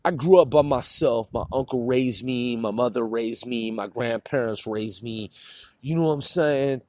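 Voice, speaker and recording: A man's voice: mid-range voice, moderate pace, a little mellow, no echo. Man venting angrily into a phone, swearing a lot, with a dry, close sound. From Puget Sound area. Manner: profane, repetitive, heated. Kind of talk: angry rant to camera.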